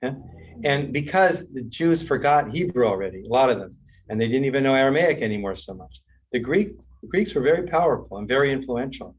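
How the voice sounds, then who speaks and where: A man's voice: medium pitch, animated, fairly quick, slightly rough, distant mic. A middle-aged man, a rabbi, teaching a class in a chatty, rambling way, often checking in with "right?". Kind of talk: casual classroom lecture with jokes.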